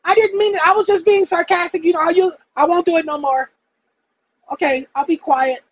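A man putting on a high squeaky falsetto for a cowering sidekick who mocks and begs. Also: fairly even intonation, normal speed, rough recording. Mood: pleading. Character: squeaky cowering sidekick voice, mocking then begging.

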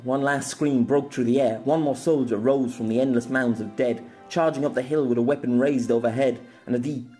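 A man's voice: mid-range voice, a little mellow. A man narrating his own fantasy novella as an audiobook, telling it dramatically. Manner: dramatic storytelling, voicing characters. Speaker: narrator and author.

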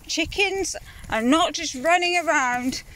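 A high-voiced woman who talks at an unhurried pace. She chats casually and grumbles with plenty of swearing while walking outdoors through farm fields. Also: pushed and bright, a little hiss or hum. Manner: chatty, exasperated grumbling, swears freely. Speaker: mother vlogging a countryside walk. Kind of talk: casual outdoor vlog chat.

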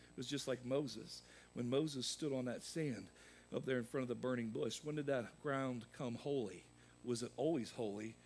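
A man preaching a sermon as pastor, swinging from loud emphatic peaks to quieter asides. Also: mid-range voice, slight background noise. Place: church sanctuary.

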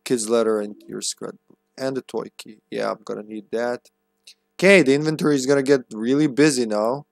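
A man's voice: medium pitch, fairly even intonation, brisk, gravelly, dry recording. A man streaming a horror game, musing aloud, reading notes and chuckling as he plays. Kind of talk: casual gameplay commentary.

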